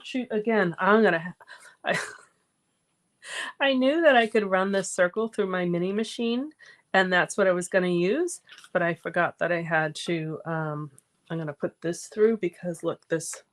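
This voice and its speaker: Chatty low-voiced woman crafting live. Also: slight background noise. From Massachusetts. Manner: chatty, talks through her crafting steps and reads out viewer comments. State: out of breath. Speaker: card-making livestream host. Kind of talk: casual craft livestream chat.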